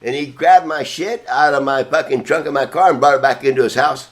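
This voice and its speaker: A man's voice: mid-range voice, fairly quick. A man hosting a podcast, telling a long story in a casual, rambling, profane way. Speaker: podcast host.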